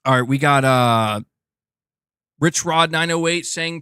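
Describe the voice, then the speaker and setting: A man hosting a gaming news livestream, reading viewer messages in casual, excitable chat and calling people "dude". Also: on the high side, takes it slowly, long pauses, smooth, no echo, studio quality. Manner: excitable and chatty, often says "dude".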